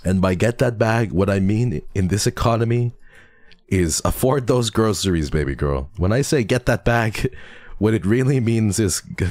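A man's voice: lowish voice, moderate pace, a little mellow, no echo. A man streaming and chatting with viewers while congested from a cold, playful and teasing with frequent laughter. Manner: playful, teasing, laughs often, mixes in Tagalog and Korean endearments. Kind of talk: casual chat with chat readers.

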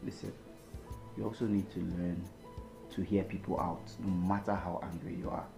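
An actor with a Nigerian accent playing an earnest young seminarian who calmly explains and gives advice. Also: male voice, deep voice, normal speed, vocal fry, music in the background. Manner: calm, explaining, gently lecturing. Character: earnest young male seminarian, patient and advising.

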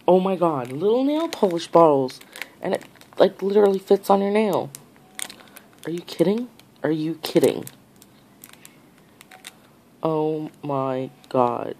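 A woman in a casual unboxing vlog, gushing and excitable, full of gasps and exclamations. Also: deep voice, takes it slowly, long pauses, a little hiss or hum, rough recording. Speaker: nail art vlogger.

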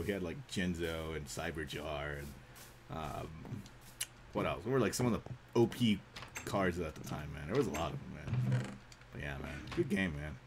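A young man chats through his gameplay stream in a lively, bouncing voice that swings from low mumbles to high yelps. His tone is bright and forward, and he tacks "man" onto half his sentences in an easygoing drawl. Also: a little hiss or hum. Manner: laid-back, says "man" a lot, bursts into loud yelps. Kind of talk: casual live-stream gameplay chat.

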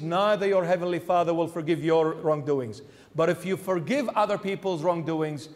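A man, a bishop, preaching a sermon emphatically, repeating key phrases and dropping suddenly to a hush. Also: high-pitched, long reverb tail.

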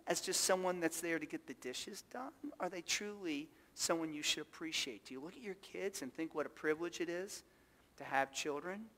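A man's voice: a little high, fairly bright tone, big-room sound. A male pastor delivering a sermon, emphatic and full of rhetorical questions to the congregation. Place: church sanctuary.

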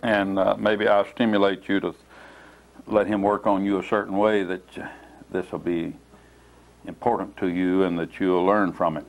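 A male preacher with a somewhat low voice delivers a teaching sermon. He moves at a measured, deliberate pace and puts heavy stress on key words, in the manner of a teacher taking a congregation through scripture. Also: level tone.

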